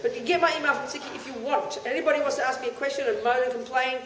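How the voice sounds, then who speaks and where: A woman's voice: high-pitched, fairly even intonation, very fast, a bit bright, slight background noise. Woman, Buddhist teacher, blunt and chatty, chants mantras to demonstrate; distant mic, echoey room, audience present.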